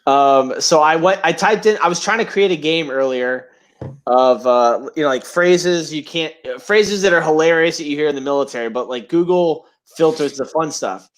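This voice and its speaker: Crude joking man, slightly high voice. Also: normal speed. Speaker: podcast co-host. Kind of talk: casual banter.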